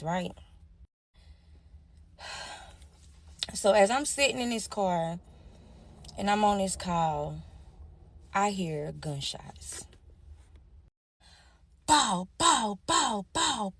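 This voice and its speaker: A young adult woman telling a personal story candidly, talking straight to her listeners. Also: lowish voice. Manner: candid, addresses listeners as y'all. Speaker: storyteller sharing her life.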